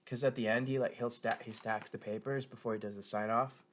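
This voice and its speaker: Over slight background noise, a man with a medium-pitched, fairly even voice reviews a show a little fast. His delivery is loose and wandering, heavy with fillers and self-corrections, and he sounds like a devoted fan.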